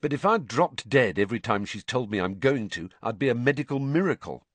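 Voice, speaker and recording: A man's voice: medium pitch, lively intonation, fairly quick, fairly bright tone, no echo. A man voicing a teenage boy hero in a dry, understated way, close to his own voice.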